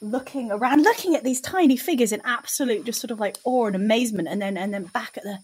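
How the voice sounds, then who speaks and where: Woman playing her character, high breathy voice, hesitant, lots of ums. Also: quick pace, darkish tone. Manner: hesitant and bemused, many ums. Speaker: player. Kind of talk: playing a character in a tabletop game.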